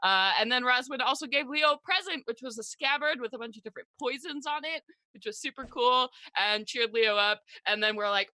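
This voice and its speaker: A woman's voice: fairly high pitch, brisk, sharp tone, no echo, rough recording. A woman casually recapping the last session of a tabletop game as a player, rambling and giggly, full of "like" and "uh".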